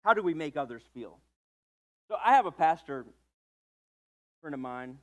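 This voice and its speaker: A man preaching a sermon as pastor, telling a story in a relaxed, conversational way with joking asides about himself. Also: a little high, moderate pace.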